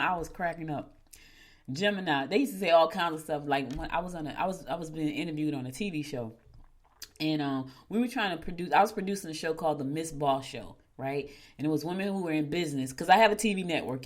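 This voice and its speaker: Low-voiced lady host just chatting away, playful, talks right to the listeners. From New Jersey. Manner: chatty and playful, addressing listeners directly as y'all. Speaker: show host. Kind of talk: casual chat.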